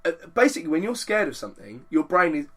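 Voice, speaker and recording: A young man rambling through a casual podcast chat, swearing freely and piling on asides. His voice is bright and sits a little high. He tells stories with lots of energy. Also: fast talker. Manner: rambling, sweary, animated storytelling. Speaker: podcast co-host.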